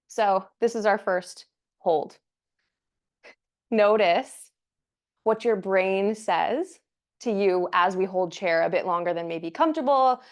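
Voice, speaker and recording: A young woman teaching a yoga class, cueing breaths and poses in an encouraging, playful way, a little out of breath. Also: medium pitch. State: slightly out of breath. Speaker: yoga instructor. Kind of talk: guided yoga class instruction.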